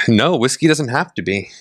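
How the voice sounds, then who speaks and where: A man co-hosting a casual podcast chat over whiskey, an animated storyteller who acts out the exchanges he recounts. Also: mid-range voice, no echo, studio quality. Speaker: podcast co-host. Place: indoor studio set, on camera.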